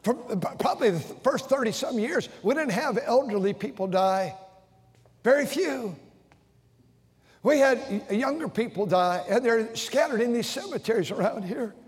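An older man preaches from the pulpit, his voice high for a man. He talks with heartfelt emotion, stumbling and restarting his phrases. The big auditorium wraps every word in a long, ringing reverb. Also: lively intonation, normal speed. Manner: emotional, repeating himself with stammered restarts. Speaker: pastor. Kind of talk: sermon. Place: large church auditorium.

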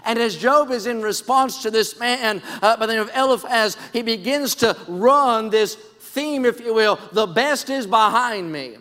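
A man preaching a sermon, moving from hushed storytelling to shouted pleading. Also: very high-pitched, measured pace, hardly any pauses. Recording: long hall reverb.

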